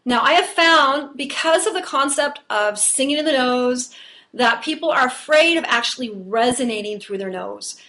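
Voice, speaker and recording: High-voiced woman voice teacher. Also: lively intonation, moderate pace, pushed and bright. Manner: explanatory, conversational teaching. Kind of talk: vocal technique lesson.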